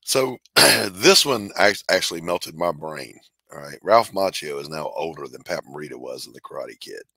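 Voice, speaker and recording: Middle-aged male host, deep and punchy, joking banter, dead-dry home studio sound. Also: animated, moderate pace, bright, forceful tone, no room sound. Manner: wisecracking, laughs and coughs through jokes. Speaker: podcast host. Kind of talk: casual comedic chat.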